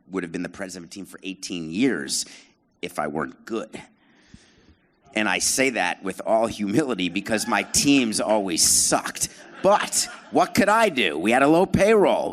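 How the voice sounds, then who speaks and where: A middle-aged man hosting a live podcast show on stage, telling stories to an audience in a sarcastic, self-deprecating way and needling the crowd. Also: lowish voice. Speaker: podcast host and former baseball team president.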